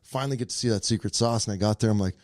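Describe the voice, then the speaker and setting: Brief: thirties guest from Minnesota, low voice, dry close mic, laid-back storyteller. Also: male voice, rapid-fire, no room sound. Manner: relaxed, reflective storytelling. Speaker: podcast guest, former hockey player. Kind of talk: casual chat.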